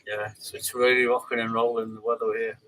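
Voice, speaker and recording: A man's voice: medium pitch, flat delivery, a little fast, a bit bright, poor audio. An older man hosting a live stream, chatting casually and rambling through viewers' comments with plenty of fillers and restarts.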